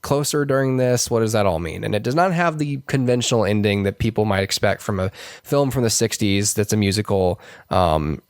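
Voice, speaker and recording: A man's voice: fairly quick, clean tone, dry recording. Rambling podcast man, dry close mic. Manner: rambling, many restarts and fillers, puts on high voices to quote characters. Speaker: podcast co-host. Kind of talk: casual movie review chat.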